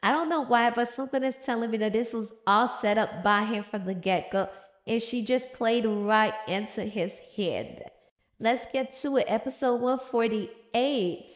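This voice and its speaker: A woman's voice: a little high, moderate pace. Sassy woman recapping a comic. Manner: sassy, laughing, slangy. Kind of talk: casual comic recap commentary. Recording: roomy echo.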